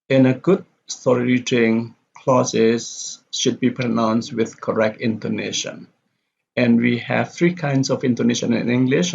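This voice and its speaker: Gravelly-voiced man lecturing on pronunciation. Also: mid-range voice, a little mellow. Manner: methodical, repeats example sentences slowly with exaggerated stress. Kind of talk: recorded lecture. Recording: dull lo-fi recording with faint background hiss.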